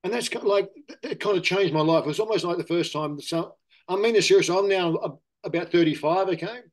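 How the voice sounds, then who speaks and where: Aussie guy middle-aged, slightly high voice, rambly chat, keeps saying mate. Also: fairly quick. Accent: Australian. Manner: rambling, self-correcting, says "mate" often. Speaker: interview guest. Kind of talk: casual candid conversation.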